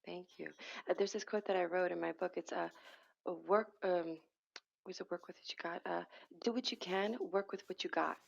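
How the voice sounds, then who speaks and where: A woman's voice: on the low side, steady tone, moderate pace, vocal fry, dull audio. A woman, a hypnotherapist and energy healer, speaking as a podcast guest in a rambling way, often restarting and correcting herself. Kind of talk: casual conversational interview.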